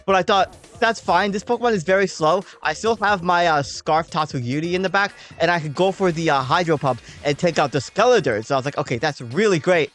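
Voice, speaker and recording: A woman's voice: lowish voice, a little fast, soft background music. A woman hosting a gaming channel, talking through a game battle in a casual, chatty way and explaining her thinking with frequent "um" and "like".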